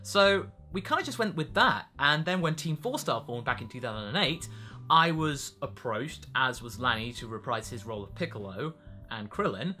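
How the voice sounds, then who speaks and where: Lively British man with a bright voice. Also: medium pitch, normal speed, faint music behind. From Britain. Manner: lively, chatty and self-mocking. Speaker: voice actor answering fan questions. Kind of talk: casual Q&A vlog.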